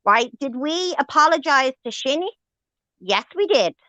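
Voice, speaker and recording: A woman's voice: high voice, expressive, unhurried, pushed and bright, dry recording. A woman hosting a livestream, ranting angrily and swearing with heavy emphasis. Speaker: livestream host. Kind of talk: heated livestream rant. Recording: dull lo-fi stream audio.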